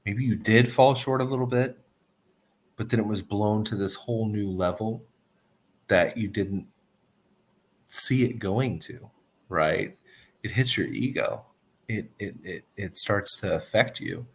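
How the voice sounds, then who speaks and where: A man's voice: on the low side, a little slow, long pauses, husky. A man speaking as a podcast guest in casual chat, thinking aloud in a reflective, hesitant way. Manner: reflective and hesitant, many restarts.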